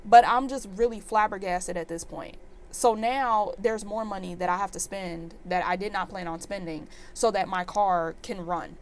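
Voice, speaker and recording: A woman in her twenties telling a storytime vlog in an animated, exasperated rant full of fillers. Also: mid-range voice, moderate pace, a little hiss or hum. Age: 20s. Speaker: vlogger.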